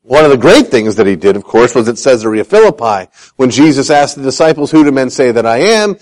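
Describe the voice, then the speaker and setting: A brisk, medium-pitched man gives a sermon on a low-quality recording. Animated throughout, he tells Bible stories, jokes about himself, and voices the people he quotes.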